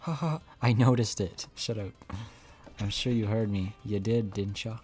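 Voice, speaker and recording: A man voicing a boastful male video game character who never stops talking, in a slightly lowered voice. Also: fairly even intonation, moderate pace, music in the background, close to an everyday voice.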